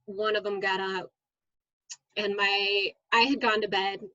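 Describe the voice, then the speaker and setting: A woman, a middle school science teacher, chatting as a guest in an interview and telling lively stories with frequent "um"s. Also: mid-range voice, unhurried, dry recording, dull audio. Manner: lively storyteller, many "um"s. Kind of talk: casual interview storytelling.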